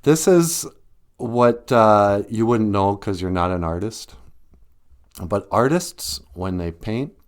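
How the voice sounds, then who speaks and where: A man's voice: on the low side, expressive, takes it slowly. A man hosting a podcast in a casual, joking monologue, laughing often and putting on sarcastic voices. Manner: jokey, laughs often, breaks into sung bits; sarcastic, mock voices for quoted people. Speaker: podcast host.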